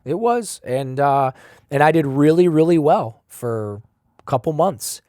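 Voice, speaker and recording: A man as a podcast guest, telling a personal story with blunt, profane language and big swings in loudness. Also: fairly high pitch, unhurried, no echo, studio quality. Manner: animated, swings between loud and quiet.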